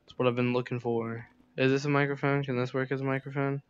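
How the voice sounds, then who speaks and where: A man's voice: mid-range voice, little pitch movement, fast talker, muffled recording, slight background noise. A man playing a zombie video game, narrating his moves and panicking aloud at the game. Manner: panicky, exclaiming, talks to the game. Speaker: gamer. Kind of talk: let's play commentary.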